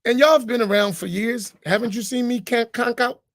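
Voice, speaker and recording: An imam talks informally to his congregation. He jokes and acts out little voices in a high, gravelly tone. The sound is dry and close. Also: fairly quick, dry recording. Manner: animated, humorous, acts out voices, preachy asides. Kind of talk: informal reflection talk to a congregation.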